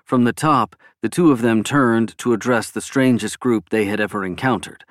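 A man giving steady, even scripted narration of a science fiction audiobook. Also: mid-range voice, moderate pace, no echo, clean studio sound.

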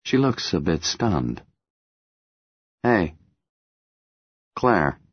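A man narrating an audiobook in the first person, measured and intimate. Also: sits low, lively intonation, breathy edge, no echo, dull audio.

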